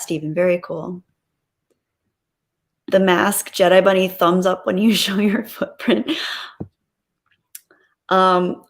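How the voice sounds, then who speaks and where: A woman hosting a live stream, chatting casually and reading out viewer messages, gushing with thanks and giggling often. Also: lowish voice.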